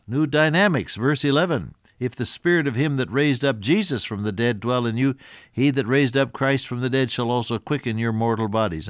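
An older man preaching a sermon in an earnest, folksy manner, asking rhetorical questions and clearing his throat now and then. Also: mid-range voice, dry recording, studio quality. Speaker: radio Bible teacher.

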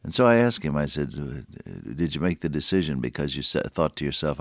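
A man preaching a sermon in an earnest way, slowing down and stressing key words. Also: rumbling low, lively intonation, dry recording, clean studio sound.

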